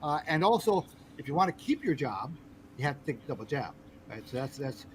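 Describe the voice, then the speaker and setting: A man hosting a podcast in casual talk, speaking haltingly with frequent repeated words and restarts. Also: fairly high pitch, big pitch swings, a little hiss or hum, rough recording. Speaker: podcast host.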